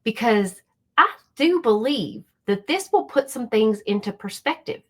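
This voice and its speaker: Her voice a little high and her pace unhurried, a woman runs a casual reaction commentary channel on YouTube. She chats in an animated way, speaking right to the people watching.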